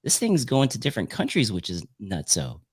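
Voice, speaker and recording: A man's voice: lowish voice, wildly swooping pitch, fairly quick, a little mellow, breathy edge. Man, podcast host, casual chat, upbeat, laughs a lot.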